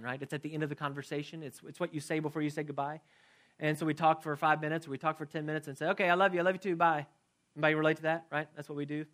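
A middle-aged man preaching as a pastor in a conversational way, asking his congregation questions and swinging from loud emphasis to a quiet, soft prayer. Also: a little high. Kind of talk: sermon with closing prayer.

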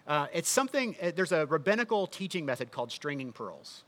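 A man's voice: on the high side, sing-song, fairly quick, a bit bright. A man preaching a sermon in a conversational teaching manner, often asking the listeners rhetorical questions. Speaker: pastor.

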